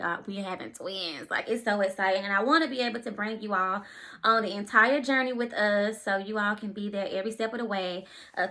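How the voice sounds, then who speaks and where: Breathless woman telling a vlog story. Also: mid-range voice. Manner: breathless and animated, often retelling scenes in quotes. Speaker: vlogger and expecting mother.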